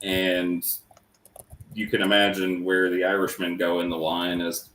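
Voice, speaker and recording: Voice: deep voice, completely flat delivery, measured pace, fairly bright tone, roomy sound, a little hiss or hum. A co-host in casual chat, giving short agreeing replies and small asides.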